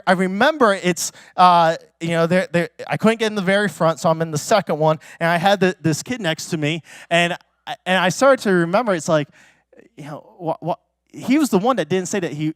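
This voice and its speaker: A high-pitched man preaching as a pastor, telling stories in a loose, chatty way with plenty of fillers. He breaks into sudden loud, excited exclamations. The recording is dry and close, with no room echo. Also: smooth. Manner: casual and chatty, many fillers like "like" and "you know". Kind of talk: sermon with personal storytelling.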